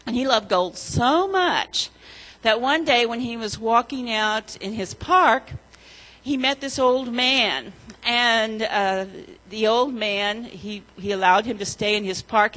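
A woman leading a children's sermon, telling a story gently and asking the children questions. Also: a little high, slow pace, poor audio.

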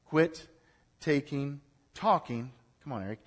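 A man preaching a sermon to a congregation, building from quiet urging to loud exhortation and leading it in call-and-response. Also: mid-range voice, a little slow. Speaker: pastor. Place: church in front of a congregation.

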